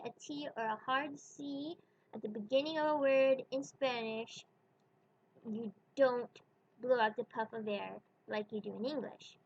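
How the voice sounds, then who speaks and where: High-voiced woman teaching pronunciation. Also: dull audio. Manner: clear, patient demonstrating of sounds. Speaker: Spanish teacher. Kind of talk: video pronunciation lesson.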